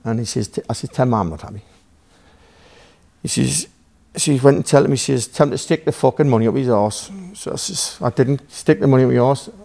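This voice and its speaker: Gravelly Geordie man telling stories. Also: mid-range voice, a little fast, dark tone. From Newcastle, England. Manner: rambling, swearing, acts out dialogue. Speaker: podcast guest. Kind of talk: casual storytelling.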